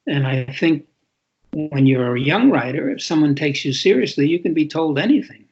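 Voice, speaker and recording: A man's voice: fairly high pitch, animated, moderate pace, a little mellow, breathy edge. A man in his eighties from New York City, an author speaking reflectively in an interview, often repeating words for emphasis. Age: 80s. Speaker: author guest. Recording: lo-fi muffled audio.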